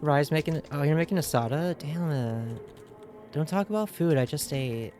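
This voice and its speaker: A woman's voice: low voice, moderate pace, warm tone, soft background music. A young woman streaming a game, chatting casually and asking her viewers lots of questions. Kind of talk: casual livestream chat.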